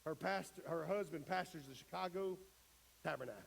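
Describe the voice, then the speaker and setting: A pastor telling a story in his sermon, building from quiet retelling to impassioned preaching. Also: a little high, a little fast, gravelly, husky.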